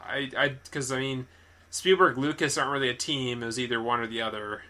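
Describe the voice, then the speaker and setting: Rambling young man with a bright voice. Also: mid-range voice, steady tone, a little fast. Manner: rambling, self-correcting, laughs often. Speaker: podcast co-host. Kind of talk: casual movie chat.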